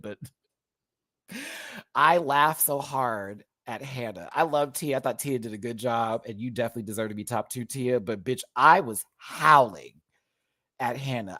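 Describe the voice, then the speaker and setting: A man giving an animated, casual review of a TV show, breaking into mock voices. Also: mid-range voice, no room sound, clean studio sound. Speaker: drag race reviewer.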